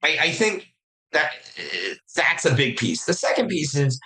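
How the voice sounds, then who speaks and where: A man speaking as a podcast guest, talking casually about running a fund, with quick restarts and acted-out quotes. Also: a little high, very animated, sharp tone, low-quality recording. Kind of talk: casual interview talk.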